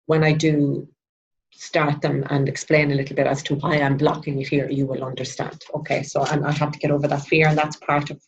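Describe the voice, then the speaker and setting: A woman's voice: deep voice, little pitch movement, brisk, a little hiss or hum. A woman, a spiritual mentor, talking through a weekly card reading in a chatty, rambling way with many restarts. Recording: dull lo-fi sound.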